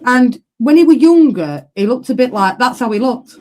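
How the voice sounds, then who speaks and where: A woman's voice: a little high, animated, moderate pace, a little mellow. A woman from Yorkshire with a Yorkshire accent, co-hosting a true crime chat in a plain-spoken, questioning way. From Yorkshire, England. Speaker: podcast co-host. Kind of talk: casual chat.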